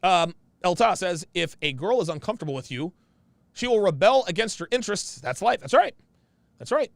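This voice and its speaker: A man's voice: high voice, animated, a little fast, gravelly, dry recording. A man hosting a casual livestream, reading viewer comments aloud and reacting in a blunt, slangy way, often saying the same phrase twice.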